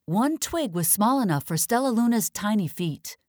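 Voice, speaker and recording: A woman narrating a children's storybook in an expressive read-aloud style, slowing down for the dramatic moments. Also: mid-range voice, no echo, clean studio sound.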